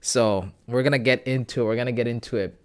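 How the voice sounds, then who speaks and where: An excited young man hosts a casual livestream and chats straight to his viewers. He greets people by name and talks about his day in a loose, chatty way. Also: medium pitch, fast, clear, resonant tone. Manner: excited, reads out chat messages and greets viewers. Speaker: trading livestream host.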